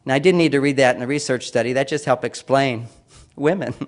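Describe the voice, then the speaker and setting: A man giving a lecture-style talk, speaking emphatically with repeated phrases and acting out quoted voices. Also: brisk. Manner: acts out quoted voices with raised pitch and emphasis.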